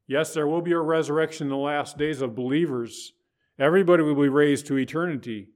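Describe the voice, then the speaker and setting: A man preaching a sermon, quoting scripture, rising higher and louder when voicing others and dropping soft for gentle words. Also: fairly quick. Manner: rises in pitch and volume for quoted voices, drops soft for tender words; preaching with biblical quotations.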